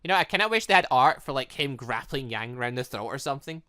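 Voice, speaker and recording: A man hosting a visual novel playthrough, commenting excitedly and laughing between the story's lines. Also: mid-range voice, fast talker, dry recording, clean studio sound. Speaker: let's play host.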